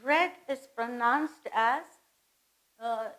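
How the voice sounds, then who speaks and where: A woman teaching English grammar, slow and patient, repeating phrases and spelling words out letter by letter. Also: a little high, fairly bright tone, poor audio. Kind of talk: grammar lesson.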